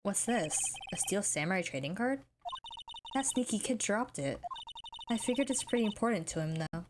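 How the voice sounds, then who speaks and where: A woman's voice: mid-range voice, expressive, moderate pace, noisy background, close to an everyday voice. Woman reading a polite young lawyer man. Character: young male defense lawyer, polite and unsure. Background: game music.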